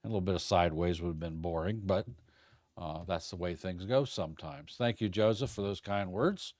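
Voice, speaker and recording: On a livestream about futures trading, a middle-aged man with a low, darkish voice explains things casually and fairly quickly. His style is folksy and rambling, with the odd stumble over words. The audio is studio quality with no room sound.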